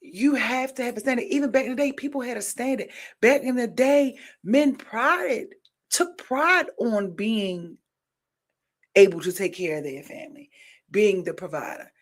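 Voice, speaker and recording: A woman's voice: fairly high pitch, normal speed. Emphatic woman podcast host. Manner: emphatic, repeats phrases for stress; animated, swings loud and soft. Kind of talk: casual chat.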